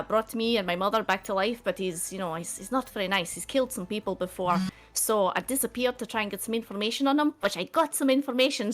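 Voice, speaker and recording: Excitable woman role-playing. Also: fairly high pitch. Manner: excitable, apologetic, laughs often. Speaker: player. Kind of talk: tabletop role-play in character.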